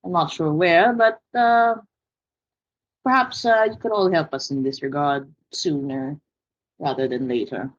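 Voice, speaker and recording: A woman's voice: sits low, unhurried, lo-fi sound. A woman voicing an impatient, bookish male half-orc scholar with formal, hesitant speech. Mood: polite.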